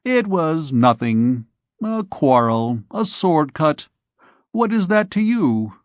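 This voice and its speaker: A man's voice: a little high, big pitch swings, slow pace, dry recording, studio quality, pitched above the performer's own voice. A man playing a vain, evasive young army captain in an audiobook, giving offhand, glib excuses. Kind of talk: audiobook character voice.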